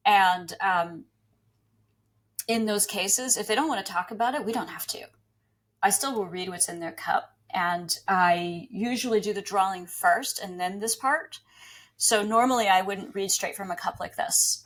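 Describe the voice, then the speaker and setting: Calm woman explaining her reading practice. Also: medium pitch. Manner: calm, explanatory, laughs easily. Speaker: psychic reader, guest.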